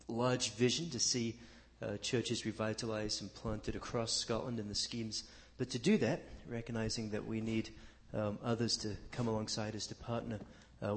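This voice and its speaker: A man on a church panel, plainly explaining a ministry's work with frequent fillers. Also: on the low side. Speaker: ministry representative.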